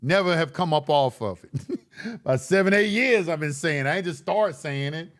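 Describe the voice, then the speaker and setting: A man's voice: on the high side, animated, moderate pace. A man hosting a live stream, reading chat questions and answering them in a blunt, lecturing way with casual slang, often repeating himself.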